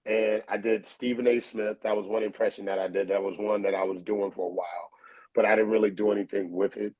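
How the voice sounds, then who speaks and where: Low-voiced New man, relaxed storyteller. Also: brisk, low-quality recording. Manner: relaxed, storytelling, many fillers. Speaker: comedian guest. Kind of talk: casual interview talk. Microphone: video call.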